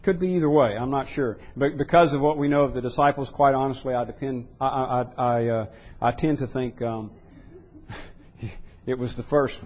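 A man preaching a sermon in an earnest way, rising to loud pleading when he voices quotes. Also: mid-range voice, normal speed, slightly rough, dull audio. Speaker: pastor.

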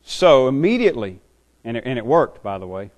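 A man's voice: mid-range voice, sing-song, a little fast, darkish tone. A man preaching a sermon as a pastor, earnest and often repeating words as he builds his points.

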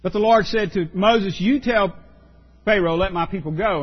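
A pastor preaching a sermon, earnest and emphatic, often repeating words for stress. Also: male voice, high voice, moderate pace, long pauses, muffled recording.

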